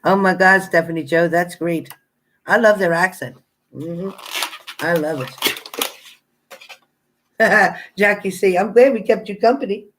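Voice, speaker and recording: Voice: medium pitch, unhurried, long pauses, fairly bright tone. Chatty, blunt tarot reader on a live stream. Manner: chatty, greets viewers by name; laughs often, playful banter. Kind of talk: casual live-stream chat with viewers.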